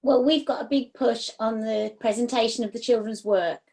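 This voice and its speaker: English woman teacher, 50s, gravelly, practical answers on a video call. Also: on the high side, fairly even intonation, moderate pace, dark tone. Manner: plain, practical, with fillers. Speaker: teacher, guest.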